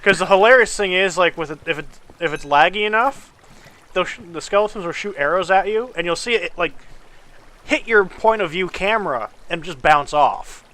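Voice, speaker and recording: A man hosting a casual game recording, chatting and chuckling as he plays. His voice is bright and a little high, with a faint hiss beneath it. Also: animated, normal speed. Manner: laid-back, chuckling commentary. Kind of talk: casual gaming chat.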